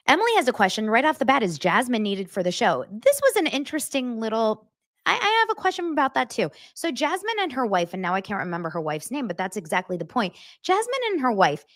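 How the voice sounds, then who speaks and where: A woman hosting a podcast, chatting casually and animatedly about reality TV, often turning to her listeners. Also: fairly high pitch. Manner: chatty, animated, talks straight to her audience. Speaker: podcast host. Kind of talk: casual gossip chat.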